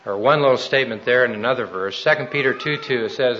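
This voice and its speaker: A man gives a sermon with his personal testimony, earnest and folksy. His voice sits mid-pitch. The recording is dull and lo-fi. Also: quick pace, few pauses, bright, forceful tone. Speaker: preacher giving testimony.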